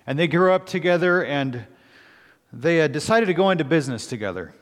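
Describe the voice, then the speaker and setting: A man's voice: fairly high pitch, expressive. Man preaching in a reverberant hall. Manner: earnest storytelling with pauses and restarts. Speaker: pastor. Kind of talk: sermon.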